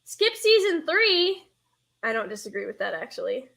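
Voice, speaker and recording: A woman's voice: high voice, very animated, moderate pace, gravelly, fairly bright tone. A young woman with a Northern US accent, hosting a casual live stream, rambling and chatting with her viewers. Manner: rambling, chatty, reads chat aloud, self-interrupting. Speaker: streamer hosting a nostalgia show.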